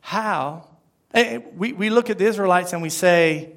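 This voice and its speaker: Lively high-voiced pastor preaching. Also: male voice, moderate pace. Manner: animated, acts out quoted lines, swings from loud to hushed. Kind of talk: sermon.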